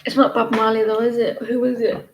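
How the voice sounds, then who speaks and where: A woman's voice: fairly high pitch, level tone, brisk, echoey room, slight background noise, poor audio. A British woman doing tarot readings and chatting in a rambling, gossipy way with lots of hesitations. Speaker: tarot reader. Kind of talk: casual live-stream chat.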